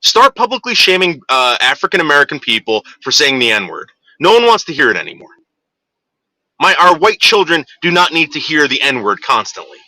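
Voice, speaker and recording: A man's voice: fairly high pitch, sing-song, moderate pace, pushed and bright, dry recording. A man ranting heatedly to his viewers in a monologue, with profanity and frequent restarts. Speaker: vlogger.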